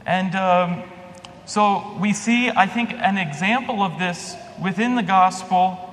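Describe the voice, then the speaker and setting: A man's voice: sits high, slow pace, a bit bright. A man giving a sermon as a priest, telling a story in a conversational way with restarts and fillers. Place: church. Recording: long reverb, faint hum.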